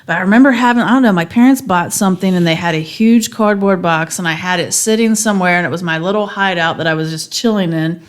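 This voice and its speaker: A woman's voice: lowish voice, fast, hardly any pauses, clear, resonant tone. Chatty woman telling stories. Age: adult mother. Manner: chatty storyteller, lots of fillers. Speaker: podcast co-host. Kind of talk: casual chat.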